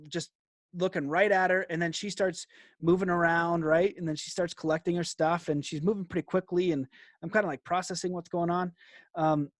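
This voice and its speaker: A young man guest recounting a story in an interview, lively and quick to laugh, peppering his talk with "like". His voice sits fairly high for a man. The sound is dry and close. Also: no room sound. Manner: animated, laughs often, frequent "like".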